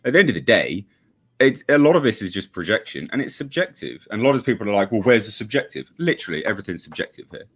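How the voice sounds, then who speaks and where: A man with a lowish voice that swings widely up and down as he rants. His commentary is blunt, sarcastic and full of swearing. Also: big pitch swings, fast talker, fairly bright tone, husky. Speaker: regular panelist. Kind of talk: heated livestream commentary.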